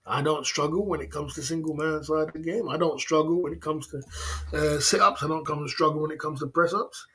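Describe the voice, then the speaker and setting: A man's voice: fairly high pitch, fairly quick, fairly bright tone. A man hosting a livestream, rambling and teasing viewers with chuckles in casual banter. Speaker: livestream host.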